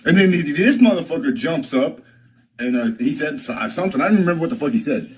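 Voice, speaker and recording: A man's voice: on the high side, animated, brisk, poor audio. A man livestreaming, telling a story to his viewers in a rambling, profane way, with frequent restarts and repeated phrases. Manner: addresses viewers directly. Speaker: livestreamer answering chat.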